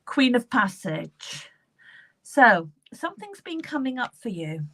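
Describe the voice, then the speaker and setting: A woman's voice: a little high, sing-song, takes it slowly. A woman medium with a British accent, giving live card readings in a reassuring, repetitive way, often repeating the client's name. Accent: British English. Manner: warm, reassuring, repeats names and phrases while drawing cards.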